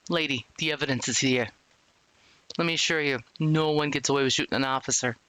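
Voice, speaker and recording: A streamer doing a blunt, gruff cop. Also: medium pitch, fairly quick, sharp tone, a little hiss or hum, close to an everyday voice. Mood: accusing. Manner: accusing, blunt. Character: hard-nosed male police detective.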